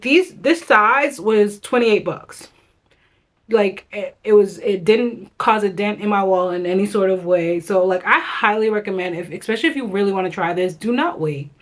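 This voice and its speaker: Chatty woman vlogger reviewing perfume. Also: medium pitch. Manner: chatty, enthusiastic, addresses viewers as y'all. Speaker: beauty vlogger. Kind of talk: casual product review.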